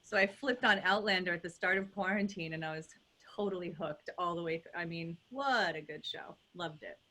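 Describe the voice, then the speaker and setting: A woman's voice: lowish voice, fairly quick, bright, forceful tone. A woman dialect coach in a casual video call chat, enthusiastic and effusive.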